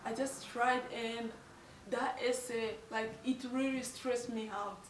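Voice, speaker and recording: A woman's voice: fairly high pitch, fairly even intonation, slow, reverberant, recorded from a distance, slight background noise, poor audio. A young woman from Tanzania telling a personal story on her vlog, emotional and apologetic, laughing through tears. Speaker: vlogger.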